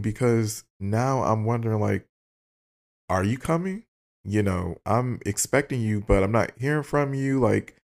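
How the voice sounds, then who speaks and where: A young man with a low, gravelly voice tells a story on his podcast in a loose, candid monologue. He swears freely and plays out both sides of his text exchanges. His delivery is casual and unscripted. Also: a little mellow. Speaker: podcast host.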